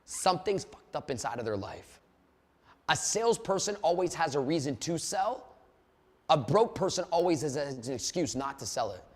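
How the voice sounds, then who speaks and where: A man speaks in a high, pushing voice as he gives a motivational sales webinar. He tells energetic, profane stories from his office. A long reverb trails behind him. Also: normal speed. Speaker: sales trainer.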